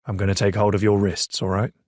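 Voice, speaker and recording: A man's voice: fairly low pitch, completely flat delivery, fast, a little mellow, dry recording, close to an everyday voice. A man voicing a firm, protective brother who chides in a dry, matter-of-fact way, read for an audiobook. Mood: chiding. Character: stern, protective adult brother.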